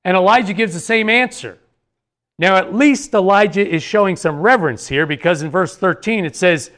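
A male Bible teacher speaks in an earnest, explanatory way and often poses rhetorical questions to his listeners. His voice sits a little on the high side for a man. He talks a passage through verse by verse. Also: normal speed, a bit bright.

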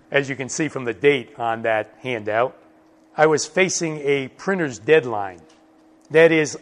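Emphatic male Bible teacher. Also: medium pitch. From United States. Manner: slow, emphatic, repeats key words. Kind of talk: recorded Bible study lesson.

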